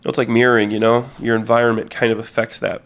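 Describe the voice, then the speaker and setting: A man's voice: medium pitch, little pitch movement, quick pace, a bit bright. A man as a podcast guest in casual chat, easygoing and ribbing the others. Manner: easygoing, good-natured ribbing.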